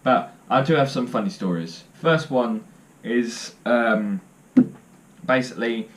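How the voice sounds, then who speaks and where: A young man with a medium-pitched voice takes his time as he vlogs to the camera. His casual storytelling is jokey and self-deprecating, and he rambles, padding it out with um and uh.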